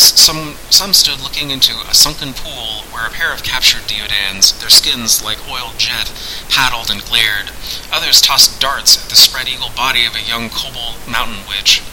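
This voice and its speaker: Bright-voiced man reading fantasy. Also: mid-range voice, slight background noise, low-quality recording. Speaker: narrator. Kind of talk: audiobook fantasy narration.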